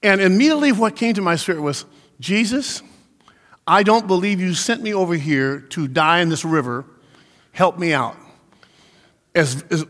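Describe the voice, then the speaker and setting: A male pastor delivers an animated sermon, sliding into acted-out voices for the people he quotes. His voice sits high for a man. A long hall reverb trails behind every phrase. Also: normal speed, long pauses, some chatter behind.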